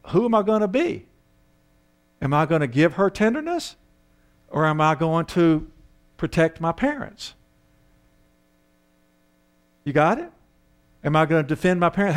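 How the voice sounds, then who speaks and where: A man preaching a sermon in an animated way, acting out voices and asking his listeners questions. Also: high voice. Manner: animated, acts out voices and asks the audience questions.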